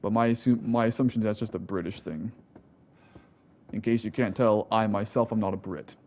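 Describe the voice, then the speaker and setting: A man's voice: fairly low pitch, steady tone, fairly quick, darkish tone. An American man giving rambling, profane let's-play commentary, correcting himself as he goes. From United States. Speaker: gameplay commentator.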